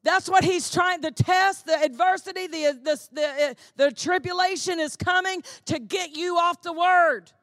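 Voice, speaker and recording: A woman pastor delivering a sermon with a high voice and dry, close sound. She preaches with fervor, hammering phrases again and again and climbing into shouts. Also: normal speed, hardly any pauses, no echo. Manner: fervent preaching that builds to shouting; repetitive, emphatic phrasing.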